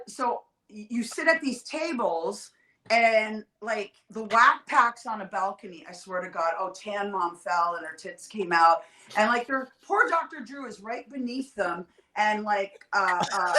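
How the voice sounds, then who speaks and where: A woman telling stories in a casual, profane, animated way, as a guest on a livestream call. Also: on the high side, reverberant, a little hiss or hum, poor audio. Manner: profane, animated, quick storytelling. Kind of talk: casual storytelling chat. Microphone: livestream video call.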